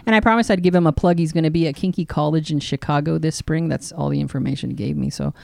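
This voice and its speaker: A woman's voice: sits low, fairly even intonation, quick pace, creaky, a little mellow, no room sound, studio quality. A woman co-hosting a podcast into a handheld mic, wry and mock-exasperated in casual chat. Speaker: podcast co-host.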